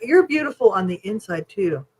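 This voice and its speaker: A woman co-hosting a chatty podcast, talking in a frank, animated way and swearing without a second thought. Her voice has a husky, slightly breathy edge. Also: mid-range voice, normal speed, rough recording. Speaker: podcast co-host. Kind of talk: casual chat.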